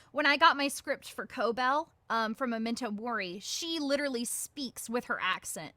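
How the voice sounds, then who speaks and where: A woman's voice: a little high, a little slow, hardly any pauses, bright, forceful tone, dry recording. A woman voice actress answering interview questions casually, with many fillers, acting out her own quoted thoughts. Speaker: guest voice actress.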